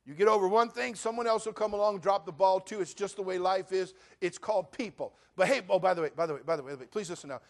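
A male pastor preaching a sermon, swinging from loud rants to quiet asides. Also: high-pitched, fast talker, few pauses. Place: church.

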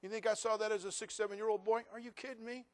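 An older man delivers a sermon in a high voice. He tells his story in hushed, quiet passages, then climbs to loud, fervent preaching. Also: steady tone, rapid-fire. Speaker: pastor.

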